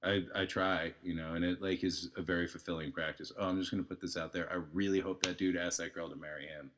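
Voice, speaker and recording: A man's voice: sits low, quick pace, background noise. A man chatting as a podcast guest, telling stories with many fillers and acting out the people he met. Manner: filler-heavy, animated, acts out people he talks about. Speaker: podcast guest, tarot reader. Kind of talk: casual storytelling chat.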